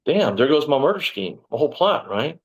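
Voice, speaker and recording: A former police officer from Texas tells his story in a casual interview, rambling off on tangents and saying "you know" a lot. His mid-range voice is very animated and fairly quick, though the recording is low quality.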